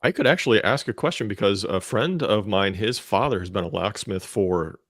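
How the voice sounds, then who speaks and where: Male co-host, low and gravelly, expressive yet dry humor, close dry mic. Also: dry recording. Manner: measured, wry and understated. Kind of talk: casual show banter.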